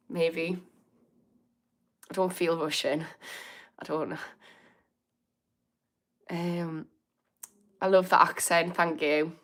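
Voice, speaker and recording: A woman's voice: deep voice, steady tone, drawn-out words, pauses often. Chatty Birmingham woman in her thirties, livestreaming. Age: 30s. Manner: chatty, laughs often, reacts to comments with amused indignation. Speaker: recovery coach hosting a livestream. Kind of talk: casual livestream chat reading comments.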